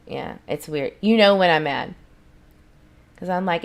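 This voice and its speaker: Chatty woman, low voice. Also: animated, slow, pauses often. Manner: rambling, chatty, talks back to viewers' comments. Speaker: channel host. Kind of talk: casual livestream chat with viewers.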